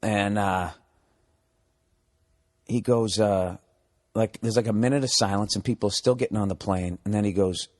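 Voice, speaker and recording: A podcast host with a lowish voice, fairly even in intonation, talks at a normal speed and pauses often. He tells a story casually and comically, swearing a lot, sounding exasperated, and acting out both sides of an argument.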